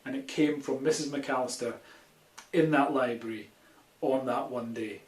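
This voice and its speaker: A man with a Scottish accent, a children's author telling an animated, casual story with many ums. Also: medium pitch, normal speed. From Scotland. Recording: echoey room.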